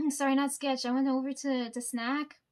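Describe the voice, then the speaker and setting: Woman, high pitch, casual storytime vlogger, chatty and profane, laughs a lot. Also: flat delivery, normal speed, darkish tone. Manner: laughs often, swears freely, rambling. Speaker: vlogger telling workplace stories.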